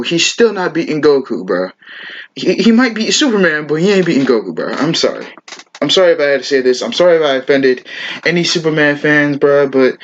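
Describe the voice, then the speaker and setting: A man reacting to a video in casual commentary, excitable and argumentative, calling everyone bro. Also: fairly high pitch, lo-fi sound, a little hiss or hum.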